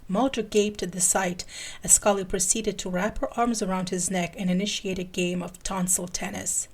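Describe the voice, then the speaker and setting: A woman podcast host giving a playful dramatic reading of fan fiction. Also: medium pitch.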